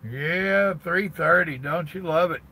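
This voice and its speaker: A man's voice: fairly high pitch, slow pace, bright, forceful tone, breathy edge, rough recording. An older man, chatting casually on a live stream from his parked truck cab and greeting viewers by name in a folksy drawl.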